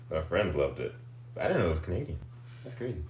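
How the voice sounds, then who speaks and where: Deep-voiced goofy male livestream host. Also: fairly quick, echoey room, slight background noise. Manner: goofy, animated, laughs often. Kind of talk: casual chat.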